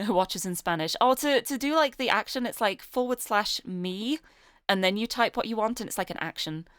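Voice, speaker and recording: A woman's voice: mid-range voice, expressive, moderate pace, a bit bright, clear, resonant tone, dry recording, studio quality. A young British woman streaming a game, chatting with viewers and reading the story aloud. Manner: chatty, giggly, greets chat.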